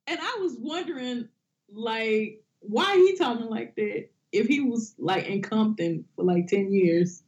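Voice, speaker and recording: A woman co-hosts a casual comedic podcast, animated and swearing freely as she acts out quotes in big, exaggerated voices. Her voice is on the high side, and she speaks at a measured pace.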